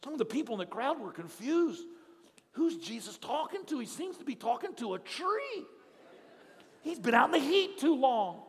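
A male pastor preaching a sermon in a dramatic storytelling manner, swinging from hushed tones to shouts. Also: very high voice, sing-song, normal speed. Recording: long hall reverb, faint crowd.

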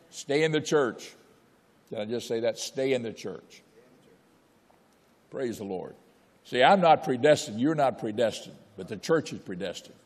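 A man's voice: medium pitch, darkish tone, in a large hall. An older man preaching a sermon, exhorting with repetition and telling folksy personal stories. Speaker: pastor.

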